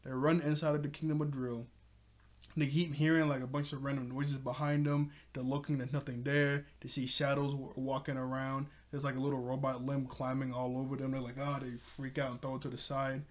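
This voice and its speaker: A man's voice: mid-range voice, level tone, fairly quick. A man recapping a cartoon episode in a loose, rambling way, full of fillers like "like" and "you know", often chuckling. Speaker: TV show reviewer.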